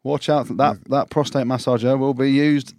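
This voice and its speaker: A man trades casual banter on a podcast, joking and teasing as he goes. His voice sits at an ordinary middle pitch and is recorded dry and close. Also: steady tone, moderate pace, a little mellow, no room sound. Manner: joking, teasing, laughs often. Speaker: podcast co-host.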